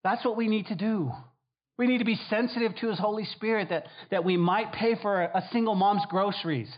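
A man's voice: sits high, brisk, muffled recording. A man, a pastor, preaching a sermon to his congregation. He drives his points home by repeating key phrases. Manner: emphatic, repeats key phrases, acts out quoted voices.

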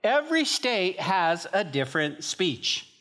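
A man from northern New Mexico delivers a sermon with lively, emphatic energy. His voice sits a little higher than most men's, and he talks to the congregation in a conversational way. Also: unhurried. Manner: animated, emphatic conversational preaching. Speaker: pastor. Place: church.

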